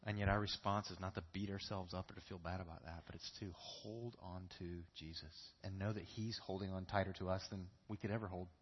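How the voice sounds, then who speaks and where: A man's voice: deep voice, fairly even intonation, fairly quick, hardly any pauses, breathy edge, muffled recording. A man preaching a sermon in a church, earnest and repeating key phrases for emphasis. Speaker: pastor.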